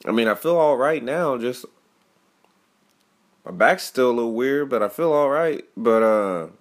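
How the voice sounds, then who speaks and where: A man's voice: mid-range voice, animated, measured pace. A young man hosting his own podcast, telling rambling stories in a casual, profane, slang-heavy way. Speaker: podcast host. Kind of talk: casual solo podcast monologue.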